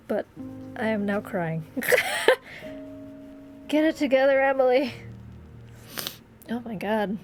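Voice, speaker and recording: Game music sits plainly under this live commentary from a woman streaming her gameplay. Her voice is high and bright, and she's expressive, swears readily and laughs a lot.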